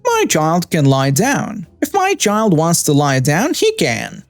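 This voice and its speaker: A man's voice: high voice, huge pitch swings, unhurried, gravelly, a little mellow, no echo, faint music behind, voice pushed up, full character voice. A man voicing a pushy entitled mother. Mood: demanding. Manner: demanding, insistent.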